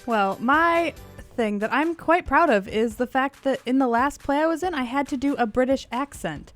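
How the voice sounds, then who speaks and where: A young woman on a radio show with a fairly high voice, laughing and protesting when her co-hosts tease her. She sounds sheepish but good-humored. Soft music plays underneath. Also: moderate pace. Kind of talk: casual studio chat.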